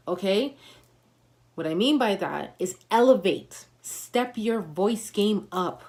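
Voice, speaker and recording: A woman's voice: mid-range voice, measured pace, darkish tone. A woman giving a motivational livestream talk, coaching listeners with emphatic, repeated affirmations and punchy slang.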